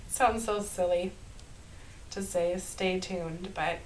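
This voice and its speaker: A woman with a Minnesota accent, talking through a card-making tutorial in a chatty, upbeat way and laughing softly at herself. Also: on the low side, fairly even intonation, takes it slowly, slight background noise, rough recording. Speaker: card-making channel host. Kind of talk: casual craft tutorial voice-over.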